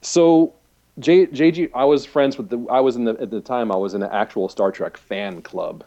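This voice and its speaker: A man's voice: mid-range voice, moderate pace, mellow, dull audio. A man telling rambling stories in casual chat, full of fillers, laughing often and mimicking the people he describes. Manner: rambling anecdotal storytelling with many fillers.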